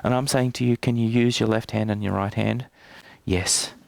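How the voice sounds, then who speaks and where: A man's voice: on the low side, fairly even intonation, normal speed, gravelly, dry recording. Guy running a workshop demo, joking around, dry voice. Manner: conversational, playful, teasing. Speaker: NLP trainer. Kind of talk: live workshop demonstration. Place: training room.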